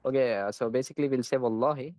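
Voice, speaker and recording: A man's voice: mid-range voice, darkish tone. A man calling into a live-streamed debate. He speaks politely and in a hurry, keen to end the call. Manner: polite, hurried and eager to leave. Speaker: caller in a debate.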